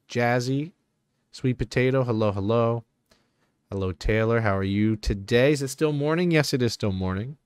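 Young guy streamer yelling at clips, cussing, reading out chat names, dry close mic. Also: mid-range voice, clean tone, no echo. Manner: loud, swearing, laughing, greeting chat by name. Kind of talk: casual live-stream reaction chat.

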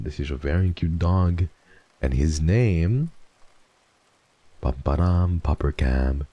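A young man streaming casual chat, mock-emo and swearing freely, dropping to mumbles and then jumping into excited high squeals. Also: slow pace, pauses often, muffled recording.

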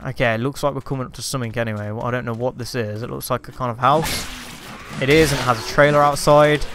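A man's voice: mid-range voice, fairly even intonation, fast, a bit bright, slight background noise. A man giving chatty, sarcastic gameplay commentary, taunting enemies as he goes. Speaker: let's play host.

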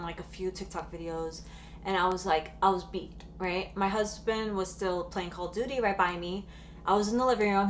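Chatty woman vlogger, excited bursts. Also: medium pitch, a little hiss or hum. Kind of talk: casual storytelling vlog.

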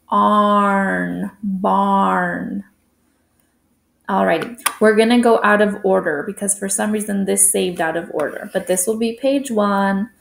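A woman teacher giving a slow phonics lesson to young children, drawing out words and sounding out letters. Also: medium pitch, vocal fry, roomy sound.

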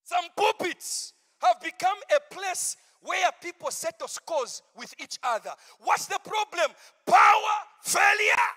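A pastor preaching a campmeeting sermon, moving from hushed asides to shouted, drawn-out proclamations. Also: male voice, very high-pitched, expressive, big-room sound.

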